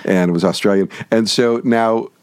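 A man's voice: on the low side, fairly even intonation, normal speed, a little mellow, clear, resonant tone, dry recording. A man, a television writer, is a podcast guest telling stories with frequent restarts and repeated words. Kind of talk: casual conversational interview.

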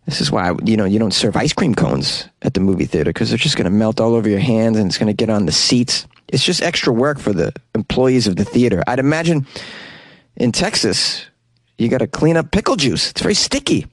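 A man's voice: fairly low pitch, lively intonation, fairly quick, no echo, studio quality. A man hosting a casual show who reads out odd news items and reacts with sarcastic jokes and casual swearing. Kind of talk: casual commentary on news stories.

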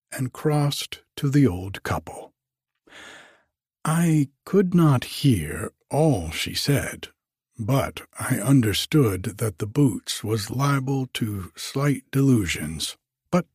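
A man reading a story aloud in a measured audiobook narration. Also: fairly low pitch, darkish tone, dry recording, studio quality. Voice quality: husky.

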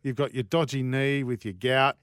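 Chatty Australian sports radio host. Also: male voice, medium pitch, steady tone, a bit bright, smooth, dry recording, clean studio sound. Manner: joking, chatty, quick questions. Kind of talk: casual radio banter.

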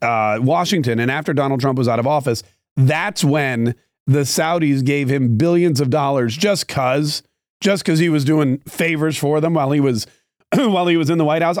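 A man's voice: a little high, dry recording, studio quality. A man hosting a political podcast, giving sarcastic, rambling opinion commentary with frequent restarts.

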